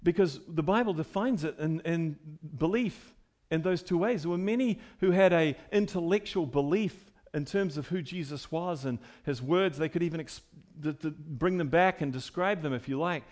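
A pastor preaching a sermon to his congregation, emphatic, his voice swinging between loud and quiet. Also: normal speed, few pauses. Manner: emphatic preaching with wide swings in pitch and loudness.

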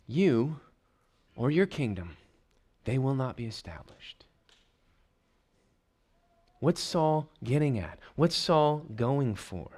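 A man preaching a verse-by-verse sermon, reading scripture aloud and explaining it with questions to the congregation. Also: medium pitch. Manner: reads scripture aloud then explains it, asking the listeners questions. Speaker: pastor. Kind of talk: expository sermon.

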